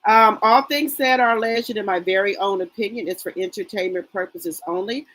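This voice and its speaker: A woman's voice: mid-range voice, a bit bright, rough recording. Chatty woman hosting a live chat. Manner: chatty, greets viewers by name, trails off with fillers. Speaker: livestream host. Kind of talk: casual live chat reading viewer comments.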